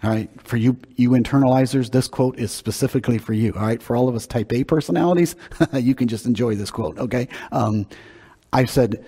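A man's voice: mid-range voice, fairly quick, warm tone, breathy edge. A man preaching a sermon in a conversational, emphatic way, often repeating words as he builds a point. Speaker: pastor. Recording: long hall reverb.

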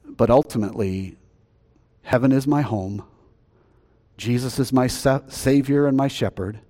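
A man preaching a sermon as pastor, conversational, swinging between loud emphasis and quiet asides. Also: mid-range voice, a little slow. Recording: long reverb.

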